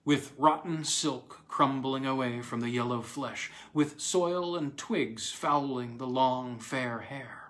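A man narrating a horror story aloud, dramatic, with sharp swings in pitch and loudness. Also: slow pace, hardly any pauses. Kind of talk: scripted horror story reading.

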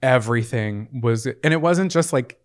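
A man's voice: mid-range voice, normal speed. A man co-hosting a podcast, talking earnestly in casual chat and rambling through explanations. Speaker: podcast co-host.

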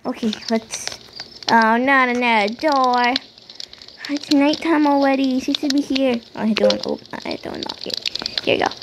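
A woman's voice: high-pitched, creaky, background noise. A woman chatting and rambling as she narrates a game role-play.

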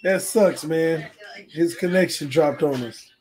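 Hoarse, excitable man hosting a gaming stream. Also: on the high side, slow pace, slight background noise. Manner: excitable, trash-talking, reads chat comments aloud. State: hoarse, losing his voice. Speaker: sports channel host. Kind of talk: casual livestream gaming chat.

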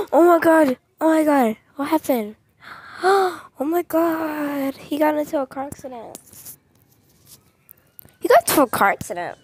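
A high, sing-song female voice, a little mellow, moves at a measured pace with long pauses and no room sound. The young gaming-channel host frightens easily, addresses her viewers directly with excited gameplay commentary, and keeps repeating short phrases.

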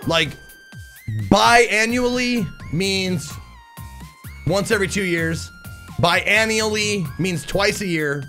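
A man's voice: sits high, takes it slowly, long pauses, sharp tone, soft background music. A man casually chatting on a live stream, reading out viewer messages, swearing and laughing often. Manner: profane, laughing, reads chat aloud. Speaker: game streamer.

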